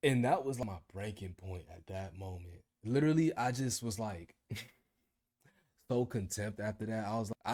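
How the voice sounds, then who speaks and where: A man's voice: lowish voice, normal speed, darkish tone. A man in his twenties ranting about his job in a casual video diary, telling the story with slang. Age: 20s. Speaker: vlogger.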